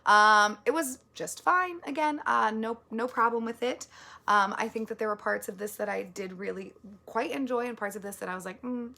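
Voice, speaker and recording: A woman's voice: a little high, moderate pace, gravelly, pushed and bright. A woman book vlogger chatting casually about her month's reading, rambling with lots of likes and ums, earnest and easily moved. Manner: rambling, filler-heavy, with many likes and ums.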